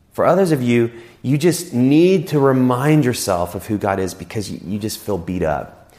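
A man preaching a sermon in a church, earnest, swinging between rising emphasis and quiet, slow prayer lines. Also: lowish voice. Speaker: pastor.

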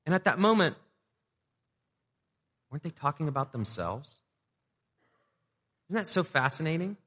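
A man's voice: on the high side, big pitch swings, normal speed, pauses often, fairly bright tone, breathy edge, big-room sound. A man preaching a sermon as a pastor, talking conversationally, asking the audience rhetorical questions and repeating words as he restarts.

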